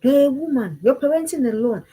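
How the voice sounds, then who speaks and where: A woman's voice: high voice, animated, fairly quick, mellow, poor audio. A woman gives an impassioned motivational talk to parents. She speaks emphatically and repeats her calls to action.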